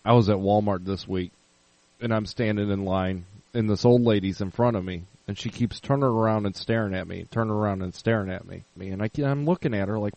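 A man's voice: lowish voice, a little fast, gravelly, a little mellow, no echo, low-quality recording. A man co-hosting a casual podcast, telling a long prank story with plenty of swearing. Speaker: podcast co-host.

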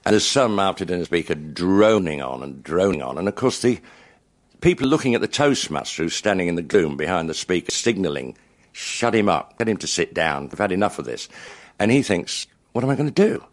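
A man's voice: low-pitched, animated, a little fast. An older man telling funny anecdotes to a live audience in a genial, chuckling after-dinner style.

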